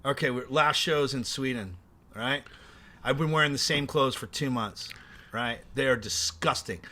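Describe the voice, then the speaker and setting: Man, bright voice, crude animated storyteller, casual podcast guest. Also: mid-range voice, moderate pace. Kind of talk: casual chat.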